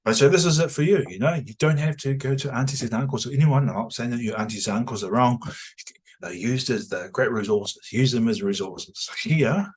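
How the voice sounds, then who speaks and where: A man who is a trained language teacher, promoting his pronunciation course in a lively way, often tagging his points with "right?". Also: mid-range voice, brisk, husky. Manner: animated, rhetorical "right?" tags.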